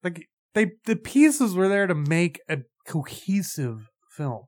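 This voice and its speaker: A man's voice: high voice, very animated, takes it slowly. Sarcastic man ranting about a movie. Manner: blunt, sarcastic, swears freely. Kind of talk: casual movie review chat.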